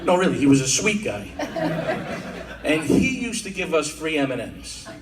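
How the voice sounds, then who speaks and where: Wisecracking New comic on a club stage. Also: male voice, a little high, sing-song, moderate pace, a loud crowd. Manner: wisecracking storyteller, mock-tough Italian-American bits. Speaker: stand-up comedian. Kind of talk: stand-up comedy set. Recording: roomy club audio from a distance. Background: audience laughter and club ambience.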